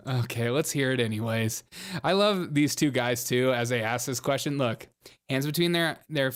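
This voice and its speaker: A man's voice: medium pitch, normal speed, smooth. A man hosting a political commentary show, mocking and sarcastic, laughing at his own jokes. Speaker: show host.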